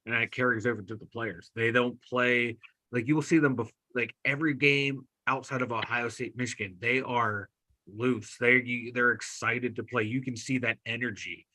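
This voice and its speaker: A Pittsburgh man co-hosting a sports podcast, his voice bright and forceful with a husky edge. He rambles excitedly, tossing out jokes and swear words and restarting his sentences as he goes. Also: mid-range voice, moderate pace. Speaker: podcast co-host. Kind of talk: casual sports banter.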